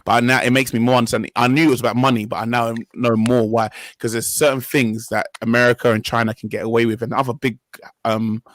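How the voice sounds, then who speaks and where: A man's voice: medium pitch, little pitch movement, fast talker, a little hiss or hum, rough recording. A young man hosting a casual discussion, talking in an earnest, rambling way and often correcting himself mid-sentence. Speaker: podcast host.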